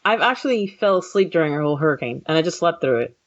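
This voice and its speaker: A woman's voice: low-pitched, fast, highs cut off. A woman from Florida co-hosting a casual podcast chat, telling stories with acted-out voices. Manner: animated storytelling with acted-out voices. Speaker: podcast co-host.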